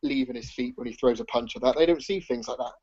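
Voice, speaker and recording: A man co-hosting a boxing podcast, arguing his point in animated casual chat. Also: medium pitch, quick pace, husky. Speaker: podcast co-host. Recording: lo-fi audio with faint noise.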